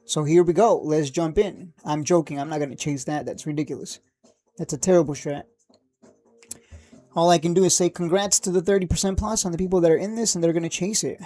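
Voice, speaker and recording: A man hosting a stock trading livestream, talking casually and excitably, rambling, cursing now and then, and laughing at his own jokes. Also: fairly high pitch, brisk. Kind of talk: live market commentary.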